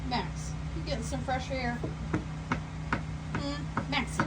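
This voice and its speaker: A woman's voice: high voice, steady tone, slow pace, heavy background noise. A woman talking to her pet parrots in a coaxing, sing-song baby-talk voice, chatting casually as she checks on them. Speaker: parrot owner vlogger. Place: home during a power outage, near bird cages.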